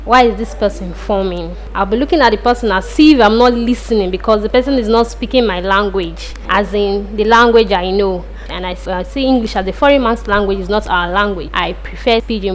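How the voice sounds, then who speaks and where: A Nigerian woman speaks frankly at a mid pitch, full of opinion. Faint background noise hangs behind her. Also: a little fast, few pauses. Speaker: listener giving feedback. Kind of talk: casual voice note.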